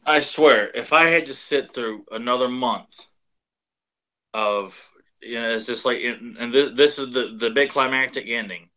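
Sardonic ranting man with a bright voice. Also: medium pitch, measured pace, poor audio. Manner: sardonic, ranting with repeated restarts. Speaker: podcast co-host. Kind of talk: casual podcast chat.

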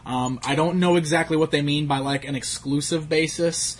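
A man's voice: on the high side, steady tone, moderate pace. A man hosting a casual chat about action figures, rambling with fillers and laughs. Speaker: toy collecting show host.

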